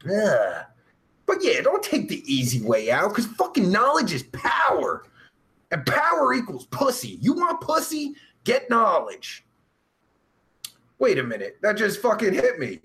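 A man hosting a live stream, reading chat aloud in a brash, profane, loud way. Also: sits high, wildly swooping pitch, unhurried.

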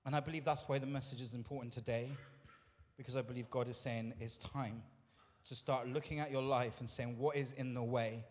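A man's voice: mid-range voice, fairly even intonation, brisk, big-room sound. A man pastor preaching a sermon in a church, talking conversationally, acting out quoted voices and putting questions to the congregation. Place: church hall.

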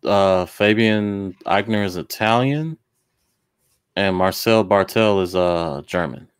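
A man with a very deep, low voice, co-hosting a relaxed wrestling chat. He talks things through thoughtfully, pausing on fillers and restarting his sentences. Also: clean tone. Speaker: podcast co-host. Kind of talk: casual chat about wrestling.

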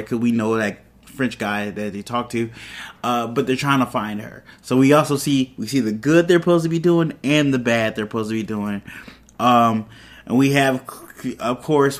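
A man in a mid-pitched voice recapping a show episode for his podcast. He talks in a loose, conversational way, drifting into asides and side comments as he goes. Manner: loose, chatty retelling with asides and laughs. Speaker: podcast host.

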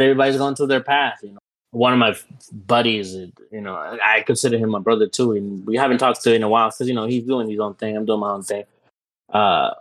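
A young adult man, a podcast guest, telling a story in a casual, animated way, full of "you know" and "dude". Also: lowish voice, rough recording.

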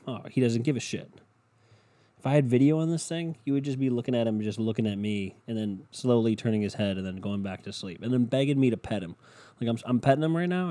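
A young man hosts a casual solo podcast from home on a home podcast mic, lying in bed with his dog. He rambles and swears with a sardonic edge, in a mellow, mid-range voice.

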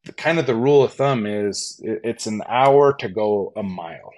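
A man telling a hunting story as a podcast guest, animated and acting out the lines of others. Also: on the low side, normal speed. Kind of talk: storytelling in a casual interview.

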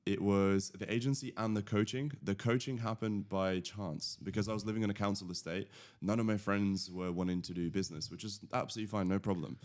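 A British man in his thirties, a podcast guest telling his origin story in a rambling, self-correcting, animated way. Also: low voice. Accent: British English. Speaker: podcast guest, agency founder. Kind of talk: casual storytelling interview.

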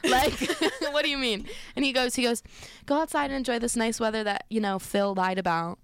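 A woman's voice: on the high side, a little fast, fairly bright tone, a little hiss or hum. A young woman co-hosting a casual chat on air, chatty and slangy, laughing often. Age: young adult. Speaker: co-host. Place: studio on air.

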